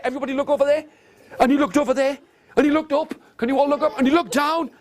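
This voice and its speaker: A man telling an interactive story to nursery children in a classroom, animated and coaxing, getting them to copy his gestures. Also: high voice. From England. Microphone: video camera. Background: guitar.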